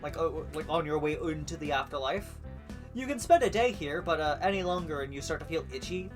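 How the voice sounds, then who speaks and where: A man chats loosely through a live stream of a story game, rambling and swearing often. His voice sits slightly high for a man. Guitar music plays clearly underneath. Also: lively intonation, a little fast. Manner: chatty and rambling, with frequent swearing.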